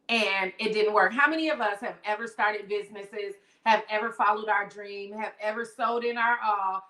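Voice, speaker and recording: A woman hosting a live-streamed book lesson, retelling a story in an animated way, reading passages aloud and asking her viewers questions. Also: medium pitch, echoey room. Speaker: online book study host.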